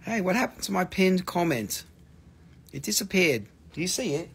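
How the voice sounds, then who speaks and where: A man's voice: high-pitched, very animated, normal speed, gravelly, fairly bright tone, breathy edge. A man hosting a live stream crystal sale, with playful salesman patter in a put-on joke voice and some cursing. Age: adult with a daughter.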